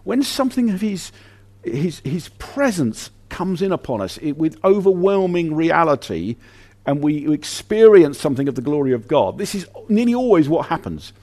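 A man preaching a sermon in an animated, conversational way, often restarting his sentences. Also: a little high, moderate pace.

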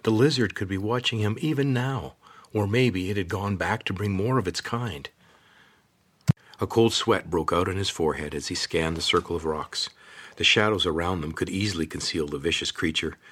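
A man narrates an adventure story in steady, measured audiobook style. His voice sits deep and a little husky. He reads evenly and clearly.

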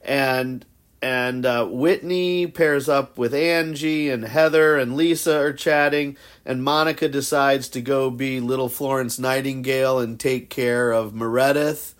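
A man's voice: medium pitch, steady tone, measured pace. A man hosting a casual podcast, recapping reality-show episodes with gossipy, sarcastic put-downs.

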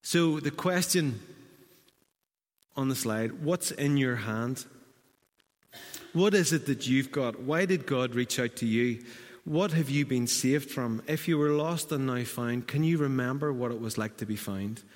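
A man's voice: mid-range voice, unhurried, long reverb tail. A man preaching a sermon in a conversational, storytelling way with self-deprecating asides.

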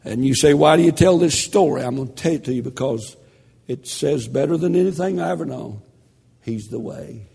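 An older man preaching a sermon, telling a story in a slow, dramatic delivery that drops to a hush. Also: on the high side, vocal fry, breathy edge, in a large hall.

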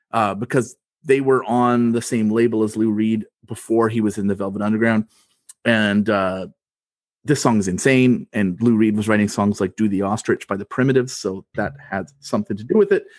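A man's voice: mid-range voice, no room sound. A man with an ordinary mid-range voice hosts a music podcast, sliding from loose chat into easy song introductions. The recording is dry and close, with no room sound. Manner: easygoing, presenter-like lead-ins. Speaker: podcast host.

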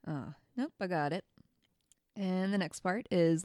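Woman, podcast co-host, playful casual chat, lowish voice, dry close sound. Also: measured pace, a little mellow, dry recording. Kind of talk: casual chat, reading song lyrics aloud.

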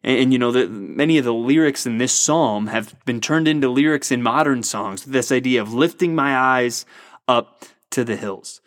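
A man giving an earnest, encouraging devotional, reading Bible passages slowly and warmly explaining them. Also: medium pitch, no room sound, clean studio sound. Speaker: pastor. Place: Treasure Valley area, Idaho.

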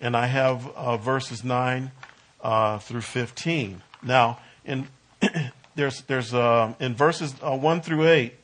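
A man teaching a Bible study, talking in a halting way with restarts and leaning hard on key words. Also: medium pitch, fairly even intonation, a bit bright.

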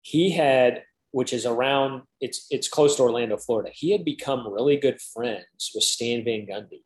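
A man's voice: medium pitch, normal speed, reverberant, low-quality recording. A man in his thirties, a guest in an interview, telling a long story casually with lots of "like" and acted-out quotes. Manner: chatty, peppered with "like", acts out quoted dialogue.

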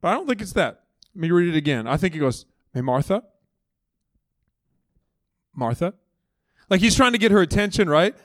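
Rapid-fire and high-pitched, this man in his thirties is a lead pastor giving a conversational sermon on a church stage. He animatedly performs the story's voices, captured in a dry recording.

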